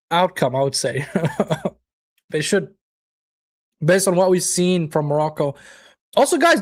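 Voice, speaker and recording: Guy hosting a football watchalong stream, chatty, reacts to chat, swears a bit. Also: sits high. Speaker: watchalong host.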